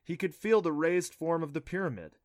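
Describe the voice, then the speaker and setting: A man reading a children's novel aloud as an audiobook narrator, in steady storytelling. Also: a little high, brisk, no echo, studio quality. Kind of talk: scripted narration.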